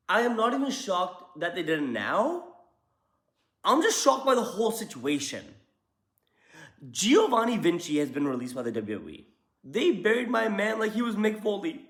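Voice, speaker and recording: A young man giving casual, jokey wrestling commentary as a show host, talking in loose slang. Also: sits high. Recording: roomy echo.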